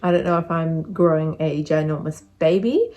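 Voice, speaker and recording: A woman's voice: deep voice, normal speed, a little mellow, lo-fi sound. A young woman giving a casual vlog update, chatty and rambling, a little out of breath. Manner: chatty, rambling with many fillers. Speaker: vlogger.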